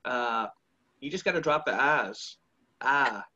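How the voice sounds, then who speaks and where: A man's voice: fairly high pitch, lively intonation, measured pace, fairly bright tone, slight background noise. A man with a Boston accent, chatting loosely and jokingly as a guest, swearing casually. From Boston area. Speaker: guest rapper. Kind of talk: casual chat. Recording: dull lo-fi audio.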